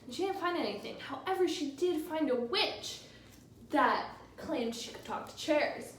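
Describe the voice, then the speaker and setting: A woman co-hosting a podcast improvises a silly story, giggly and rambling. Her voice is high, and she sits back from the mic in an echoey room with faint noise. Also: animated, unhurried, far from the mic. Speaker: podcast co-host.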